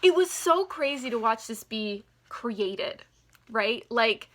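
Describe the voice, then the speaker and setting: A woman's voice: fairly high pitch, expressive, slow pace, fairly bright tone. A woman chatting casually as a beauty vlogger through an unboxing, gushing, full of "like" fillers and sometimes dropping to a near whisper.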